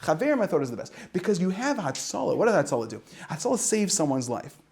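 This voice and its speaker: Animated rabbi with a lively high voice. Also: male voice, fast. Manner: animated storytelling with acted-out dialogue and asides; mixes in Yiddish and Hebrew words. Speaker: rabbi teaching high school students. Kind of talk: informal Torah talk.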